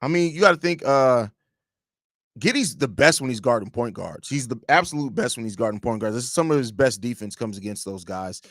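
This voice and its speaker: Animated, opinionated man streaming from home. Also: medium pitch, no room sound, clean studio sound. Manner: opinionated and rambling, with quick restarts. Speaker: host of a basketball fan podcast. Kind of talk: casual live-stream sports talk.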